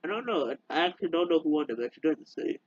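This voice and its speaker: A man with a slightly raised, husky voice rants casually to camera, trailing off and starting over again and again. His pitch leaps around as he talks. The recording is dry and a bit dull, like a cheap home mic. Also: animated, no room sound. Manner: rambling, halting, many fillers and restarts. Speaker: YouTuber.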